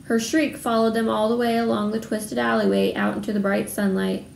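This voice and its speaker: A woman reading a children's novel aloud in a steady storytelling manner. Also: fairly high pitch, brisk, gravelly. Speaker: readalong reader. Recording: roomy room, faint background noise.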